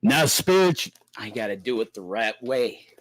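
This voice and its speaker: A man's voice: medium pitch, big pitch swings, moderate pace, no echo. A man ranting theatrically and preachily on a livestream about spiritual matters. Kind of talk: rambling livestream rant.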